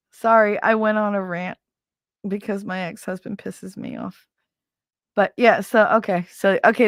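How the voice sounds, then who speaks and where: A woman's voice: medium pitch, steady tone, a little slow, no room sound, clean studio sound. A middle-aged woman hosting a podcast, chatting casually with her live audience and ranting in a blunt, heated, profane way. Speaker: podcast host. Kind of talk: casual livestream chat.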